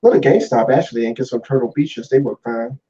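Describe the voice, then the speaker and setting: A man's voice: mid-range voice, fast, warm tone, distant mic, muffled recording. A man chatting casually over a wireless gaming headset, laid-back and plain-spoken. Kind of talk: casual chat.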